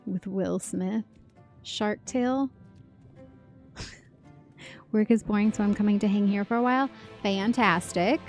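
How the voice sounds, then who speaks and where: A woman's voice: medium pitch, gravelly. A woman game streamer chatting casually on a livestream, giggling often and reacting to chat messages.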